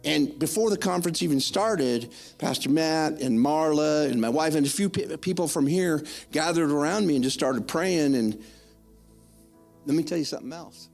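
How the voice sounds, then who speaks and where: An older man giving a spoken testimony in church, rambling and excitable, with many restarts. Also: a little high, moderate pace, gravelly, soft background music.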